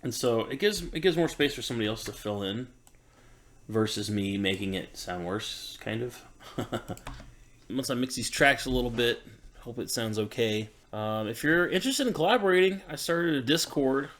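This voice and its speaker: A man's voice: mid-range voice, expressive, moderate pace, a bit bright. A man musician thinking aloud in an easygoing, self-doubting way while he records in his home studio. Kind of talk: casual talk while recording.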